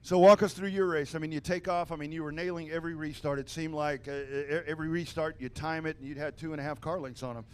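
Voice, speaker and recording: A man announcing a race finish and interviewing drivers in victory lane, outdoors at a dirt track, talking excitedly with stammers and loud calls. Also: fairly high pitch, fast, few pauses, smooth.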